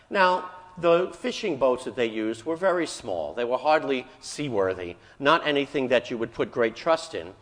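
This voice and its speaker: Priest preaching in an echoing church. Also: male voice, a little high. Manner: storytelling, acting out quoted lines with raised voice. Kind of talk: sermon. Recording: church hall reverb.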